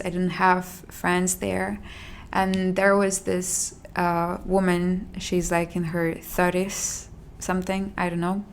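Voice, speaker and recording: Young woman telling a personal story, low voice, lots of fry, halting and emotional. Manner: halting, emotional recounting with restarts and soft sighs.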